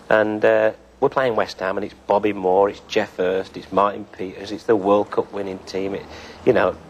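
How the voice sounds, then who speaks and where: Low-voiced older man telling football stories. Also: a little hiss or hum. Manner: unhurried storytelling with fillers. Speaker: former footballer interviewee. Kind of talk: reminiscing interview.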